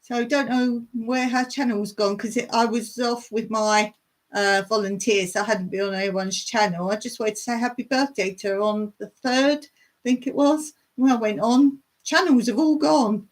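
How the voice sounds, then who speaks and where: A woman's voice: a little high, fairly even intonation, moderate pace. A woman hosting a casual live stream from her home in the countryside, chatting in a rambling way and reading viewer comments aloud. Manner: chatty, rambling, reads viewer chat aloud and laughs often.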